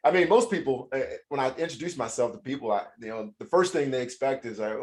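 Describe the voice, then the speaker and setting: A man's voice: mid-range voice, animated, quick pace. A man from Louisiana hosting a casual interview, friendly and rambling with frequent restarts. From Louisiana, United States. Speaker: host.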